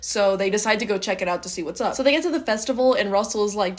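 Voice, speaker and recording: A woman's voice: mid-range voice, fast, hardly any pauses. A young woman giving a chatty, sarcastic movie recap full of filler words. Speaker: movie reviewer.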